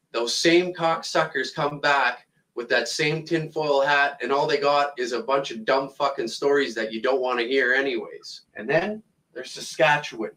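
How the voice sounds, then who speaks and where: A man's voice: on the high side, a bit bright, rough recording. A Canadian man delivering a profane, mocking comedic rant to camera, angry and blunt, swearing constantly. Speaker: comedic ranter.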